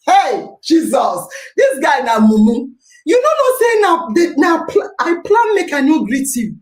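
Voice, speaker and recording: Nigerian female host, high and very animated, laughing and exclaiming, pidgin mixed in, echoey room. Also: unhurried. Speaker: podcast host. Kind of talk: animated storytelling and live chat. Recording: roomy echo.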